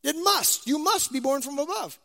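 Emphatic preacher, high voice, echoing hall. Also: male voice, expressive, moderate pace, vocal fry. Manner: emphatic, repeats key phrases, swings from loud to soft. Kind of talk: sermon. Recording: hall reverb.

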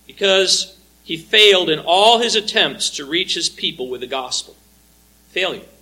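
A man preaching an expository sermon, reading scripture aloud and explaining it with earnest, measured emphasis. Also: sits high, bright, forceful tone, poor audio.

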